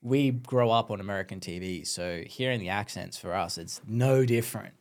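A man's voice: on the low side, normal speed. A young Australian man hosting a podcast, chatting casually, telling stories and laughing often. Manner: laughs often, animated storytelling. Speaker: podcast host. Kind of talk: casual chat.

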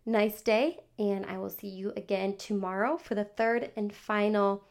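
A woman's voice: medium pitch, fairly even intonation, unhurried, a little mellow. A young woman, a podcast host, telling a personal story in a casual, chatty way, full of "like" fillers and quoted back-and-forth dialogue. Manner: chatty, many "like" fillers, acts out child's replies.

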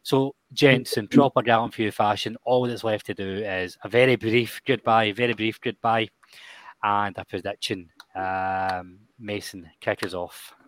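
A man's voice: on the low side, fairly even intonation, unhurried. A Scottish man hosting a casual football podcast, talking with frequent ums and the odd swear. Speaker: podcast host.

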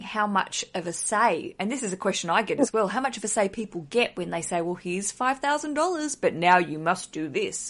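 A woman hosting a podcast in an upbeat, chatty way. Her questions wander before landing. Her pitch is typical for a woman. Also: a bit bright. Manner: chatty, enthusiastic, rambling questions. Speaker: podcast host.

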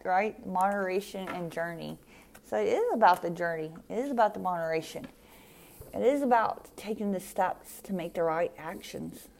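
Gravelly-voiced woman hosting a tarot podcast. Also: fairly low pitch. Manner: warm, emphatic, repeats "right?" and "okay?". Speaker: podcast host giving tarot card readings. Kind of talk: casual spiritual podcast monologue.

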